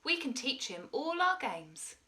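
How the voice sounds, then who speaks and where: Woman reading a keen young shark lad for a storybook, bright, lively, upbeat. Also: sits high, a little slow, voice pushed up, full character voice. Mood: cheerful. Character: young male great white shark, cheerful and eager.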